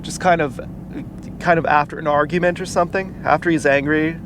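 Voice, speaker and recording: A man tells a personal story in a casual, halting way, full of fillers and restarts. His voice sits a little high. It was recorded outdoors, and clear car and street noise runs behind him. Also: fairly even intonation. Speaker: vlogger.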